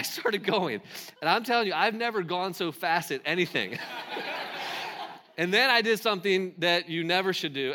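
A pastor in his forties tells a story from the pulpit. His voice is bright and a little high for a man. He laughs often and acts out the other people's lines. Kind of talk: storytelling sermon.

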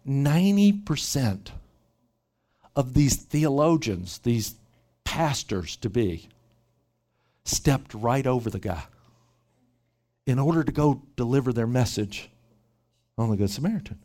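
A man preaching a sermon at a church retreat, animated and often repeating his first words as he starts a thought. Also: mid-range voice, slow, pauses often. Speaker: pastor.

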